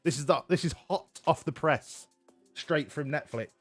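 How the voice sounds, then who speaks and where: A man's voice: fairly high pitch, moderate pace, faint music behind. A man casually commentating a game on a live stream, joking, swearing and laughing often. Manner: jokey, profane, laughs often.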